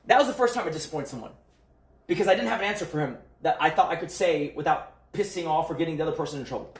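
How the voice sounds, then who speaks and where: A man tells a long, meandering story and swears freely along the way. He acts out each exchange of dialogue, and his higher voice comes from some distance off the mic. The room around him has a clear echo. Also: very fast. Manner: rambling, profane, quotes people in dialogue. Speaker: streamer telling a story. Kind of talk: casual storytelling chat.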